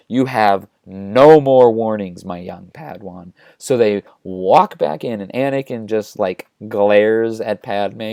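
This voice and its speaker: A man's voice: lowish voice, warm tone, dry recording, studio quality. A man hosting a casual, chatty comic retelling, full of "like"s. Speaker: host. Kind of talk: comedic retelling of a story.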